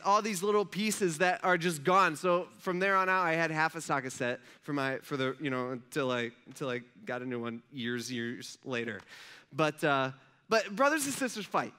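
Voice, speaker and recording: A young man preaching to a congregation, telling a story in a lively, conversational way and asking the audience questions. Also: on the high side, moderate pace, smooth. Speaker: pastor. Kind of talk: storytelling sermon.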